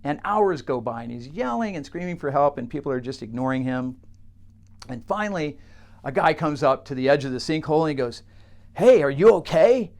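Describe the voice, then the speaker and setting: A man who works with clients, telling a teaching story straight to camera in a halting way, with many fillers and restarts. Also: medium pitch, animated. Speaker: coach working with clients.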